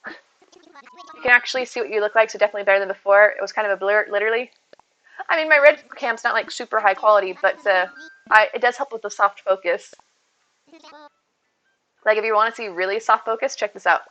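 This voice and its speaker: Bright, chatty woman streamer. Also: mid-range voice, brisk, long pauses. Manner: chatty and upbeat, reading and thanking chat. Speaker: live streamer. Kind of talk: casual live-stream chat. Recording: dull lo-fi stream audio.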